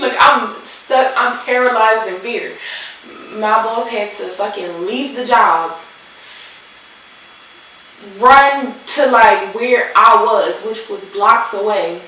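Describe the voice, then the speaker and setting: Young Philly woman vlogger, animated and salty, a bit high, echoey room, set back from the mic. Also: slow, recorded from a distance, slight background noise. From Philadelphia. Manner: animated, swearing, acts out the people in her story. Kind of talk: storytime vlog while doing makeup.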